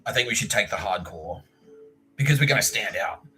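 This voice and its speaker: A man's voice: on the low side, a little fast, soft background music. A middle-aged Australian man hosting a podcast, telling stories in a casual way, swearing, laughing and acting out voices. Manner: animated, swearing, laughing often, acts out voices in his stories. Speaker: podcast host. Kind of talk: casual storytelling.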